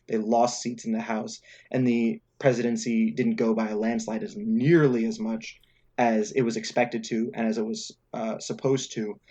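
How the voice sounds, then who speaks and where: A man's voice: medium pitch, darkish tone. A young man co-hosting a podcast, chatting casually about politics with lots of fillers and restarts. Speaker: podcast co-host.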